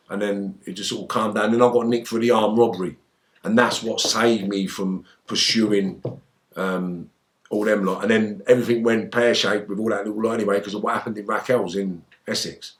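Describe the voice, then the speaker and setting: Animated man telling a story. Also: fairly low pitch, brisk. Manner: animated, swearing, acts out shouted quotes. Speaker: interview guest. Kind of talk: storytelling in an interview.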